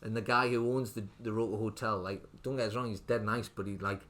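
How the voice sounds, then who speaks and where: Rambling low-voiced man. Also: fairly even intonation, brisk, fairly bright tone. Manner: rambling, full of fillers like "like". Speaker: guest, restaurant owner. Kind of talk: casual podcast interview.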